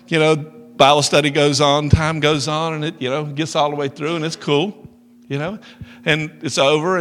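A middle-aged man preaching a sermon, telling a story with loud emphasis and soft asides. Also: fairly high pitch. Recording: long reverb of a large hall.

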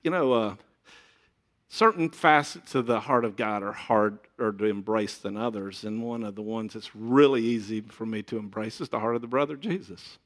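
A man's voice: fairly low pitch, moderate pace. A middle-aged man preaching a sermon in a conversational way, with joking asides to the congregation. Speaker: pastor.

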